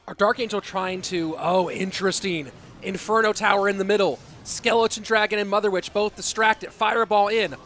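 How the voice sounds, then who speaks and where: A man casting a live esports match, with excitable play-by-play and rambling asides. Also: sits high, normal speed, hardly any pauses. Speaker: esports caster. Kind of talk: live game commentary.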